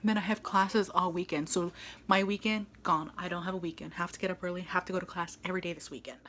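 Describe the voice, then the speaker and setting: A woman's voice: on the low side, steady tone, fast, a bit bright. A woman vlogging in casual chat, rambling with restarts and repeating herself as she talks about feeling stressed. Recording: noisy background with car sounds.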